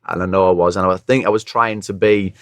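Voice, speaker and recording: A man's voice: low-pitched, steady tone, brisk, dry recording, clean studio sound. A hungover man, a former football commentator, telling rambling anecdotes in a casual podcast chat, with a somewhat nasal voice. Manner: rambling anecdotes, acts out other people's lines.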